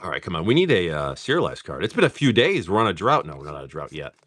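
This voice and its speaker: A man hosting a live stream, rambling casually, swearing freely, and reading off card names in quick lists. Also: sits low, very animated, a bit bright. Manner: rambling, swears freely, laughs often at chat. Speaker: live-stream host opening card packs.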